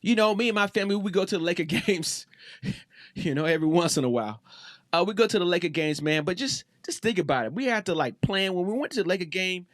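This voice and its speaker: A man's voice: high-pitched, expressive, fast, a bit bright, no room sound. Man, thirties, podcast host, casual slangy rant, repeats himself, dry close sound.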